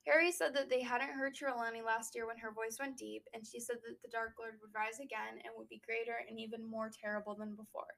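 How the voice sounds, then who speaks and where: A young woman co-hosting a casual book podcast, recapping a chapter and riffing with quick asides. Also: a little high, steady tone, gravelly, a bit bright, recorded from a distance, poor audio. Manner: chatty, recaps then riffs with quick asides. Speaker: book discussion podcast host.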